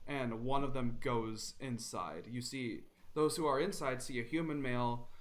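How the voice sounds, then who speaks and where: Casting: male game master, easygoing narration, mid pitch. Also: moderate pace. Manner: relaxed with many ums and uhs.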